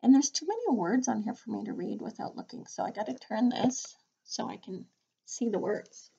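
A woman's voice: fairly high pitch, lively intonation, moderate pace, gravelly, mellow, slightly rough, lo-fi sound. A woman teacher reading a picture book aloud to children, playful and sing-song. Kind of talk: read-aloud lesson for children.

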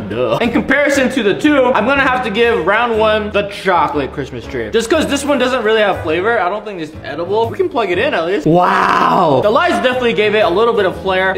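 A young man chatting excitedly through a casual food taste-test vlog, full of tasting noises and quick reactions. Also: high-pitched. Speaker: vlogger. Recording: echoey room with background music.

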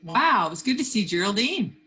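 A woman's voice: medium pitch, big pitch swings, brisk. A woman teacher leading an online class, upbeat and talking through each step. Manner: upbeat, talks through her screen steps.

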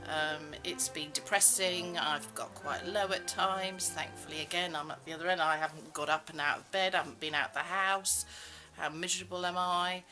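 A woman's voice: on the low side, steady tone, moderate pace, bright, forceful tone, soft background music, rough recording. A middle-aged woman vlogging in a rambling, self-mocking way, full of fillers. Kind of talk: casual chat.

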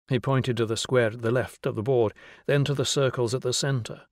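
A man narrating a novel as an audiobook in a measured, even storytelling manner. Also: medium pitch, dry recording, clean studio sound.

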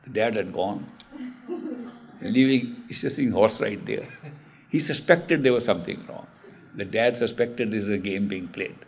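An older man, an animated storyteller and spiritual teacher telling stories in a talk. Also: on the low side, normal speed, long pauses, slight background noise. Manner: animated, often laughing while telling.

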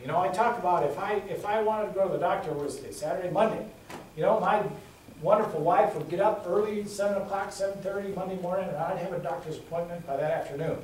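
A man's voice: high voice, fast, a little mellow, a little hiss or hum. A middle-aged man giving a campaign speech as a candidate, telling folksy stories and repeating his points for emphasis. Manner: folksy storytelling with emphatic repetition. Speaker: congressional candidate. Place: indoor meeting room. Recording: echoey room, recorded from far off.

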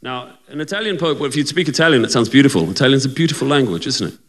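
A man's voice: medium pitch, animated, racing. Teasing man doing stand-up comedy. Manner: chatty, teasing, asks the crowd for agreement.

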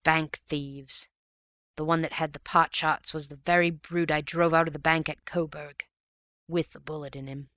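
A man voicing a wounded, exhausted bank manager who talks in weak, halting phrases. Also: fairly high pitch, level tone, pushed and bright, no echo, clean studio sound. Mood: grim.

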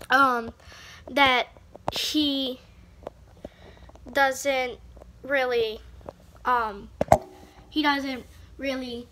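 High bright girly voice, slow rambly vlog chat, lots of "like". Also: slight background noise. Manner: rambling, full of "like" and restarts. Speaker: vlogger. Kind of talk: casual chat to camera.

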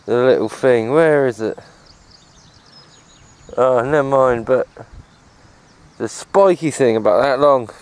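A man's voice: mid-range voice, slow pace, pauses often, a little mellow, clear, resonant tone, low-quality recording. A man chatting casually to his camera while cycling outdoors on a rural path, rambling and swearing freely as he films one-handed. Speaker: cycle-touring vlogger. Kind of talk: casual chat while riding. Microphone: handheld camera while cycling one-handed.

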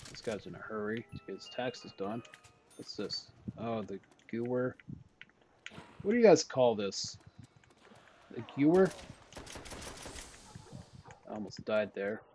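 Young male gamer, excitable running commentary, slightly worn voice, faint background noise. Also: on the low side. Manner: excitable, jokey, talks to himself. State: voice starting to go hoarse. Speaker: gaming commentator. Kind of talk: gameplay commentary.

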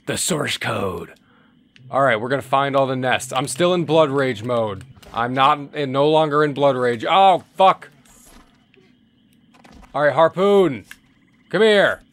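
Excitable swearing man playing a game. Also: medium pitch, measured pace. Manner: excitable, joking, swears often, reads game text aloud. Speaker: gameplay commentator. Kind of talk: profane let's-play commentary.

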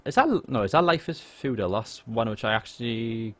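A man with a Welsh accent chatting jokily and excitably while livestreaming a game, swearing now and then. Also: mid-range voice, moderate pace. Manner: excitable, jokey, swears freely. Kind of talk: casual live gameplay chat. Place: home room.

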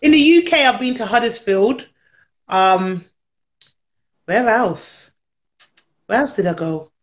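In a casual interview, a British woman from the United Kingdom chats about working as a nanny, laughing often and acting out what people said. Her slightly high voice has lively intonation and a slow pace, with a little background noise behind it.

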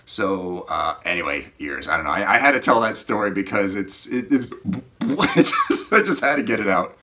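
A man with a lowish voice and a bright, forceful edge, telling a casual story as a scuba instructor. He rambles, restarts and often lets his sentences trail off quietly. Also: fairly quick.

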